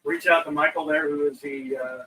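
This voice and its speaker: A man's voice: on the high side, fairly even intonation, fairly quick, pushed and bright, far from the mic, poor audio. A man co-hosting a live podcast, easygoing and agreeable in casual chat. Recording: off-mic with faint room noise.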